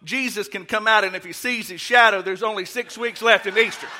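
A man's voice: high voice, steady tone, brisk, background noise, close to an everyday voice. A man voicing an earnest, confident young college football fan in a joke he tells from the pulpit.

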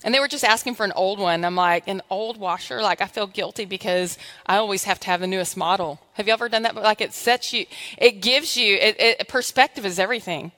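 Preaching in a church sanctuary, this woman speaks in a mid-range, slightly bright voice, fairly quickly and with hardly any pauses. Her animated stories include acted-out exchanges between herself and God. Long hall reverb fills the recording.

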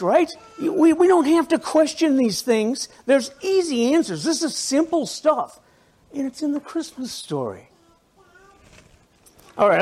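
An extremely high-pitched male pastor preaches with animated, conversational energy. Asides to the congregation and frequent restarts run through his sermon.

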